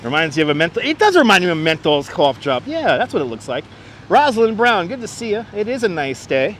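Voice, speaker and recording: Guy walking city streets on a live stream, bit stuffy and sick, slightly high voice, faint traffic behind. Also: sing-song, quick pace, a bit bright. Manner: chatty, greets viewers by name as he walks. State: congested, a little under the weather. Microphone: wireless clip-on mic.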